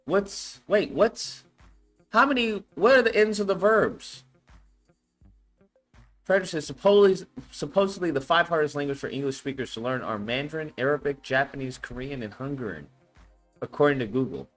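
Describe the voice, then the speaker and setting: A man's voice: a little high, expressive, normal speed, soft background music. A man streaming casually as he follows a language lesson, thinking aloud, repeating words and swearing often. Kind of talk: casual live-stream chat.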